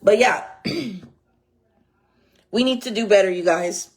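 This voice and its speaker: A woman's voice: medium pitch, slow pace. A woman hosting a casual commentary show, talking brashly and profanely with frequent laughter and slangy speech. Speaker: show host.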